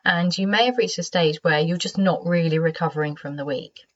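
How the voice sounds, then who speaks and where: A British woman hosting her own podcast, speaking gently and conversationally in a croaky, sleepy voice. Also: lowish voice, brisk. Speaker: podcast host. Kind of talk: solo podcast monologue. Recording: slightly dull lo-fi sound.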